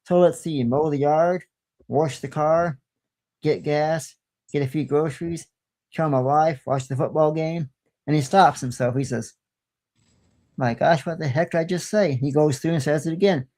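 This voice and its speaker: A man's voice: on the high side, normal speed, dark tone. A man who is a guest on a paranormal podcast, telling stories in a folksy, plain-spoken way and often repeating himself. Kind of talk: casual storytelling.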